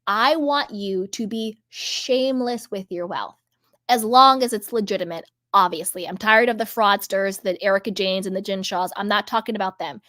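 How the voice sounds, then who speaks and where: A woman's voice: mid-range voice, moderate pace, a bit bright, no room sound, studio quality. A woman hosting a commentary channel, talking in a casual, emphatic way with repetitions and rambling asides.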